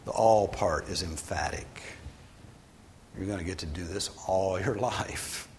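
A male pastor giving a sermon in a conversational way, sometimes rising for emphasis and then dropping low. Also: measured pace, a little mellow, a little hiss or hum. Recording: long hall reverb.

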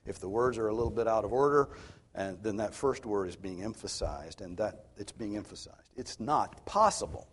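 A man's voice: sits low, husky. A man preaching an expository sermon, earnest and emphatic, posing rhetorical questions as he teaches. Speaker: pastor.

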